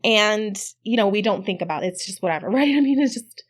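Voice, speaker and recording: A middle-aged woman co-hosting a podcast, telling a personal story in casual chat, animated and quick to laugh. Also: medium pitch. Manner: chatty, animated when quoting, laughs often. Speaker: podcast co-host.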